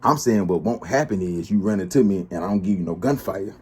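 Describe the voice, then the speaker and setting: A man's voice: sits low, animated, brisk, mellow, husky. A man giving casual livestream commentary, trash-talking and laughing often. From Charlotte, US. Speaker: blogger and livestream host.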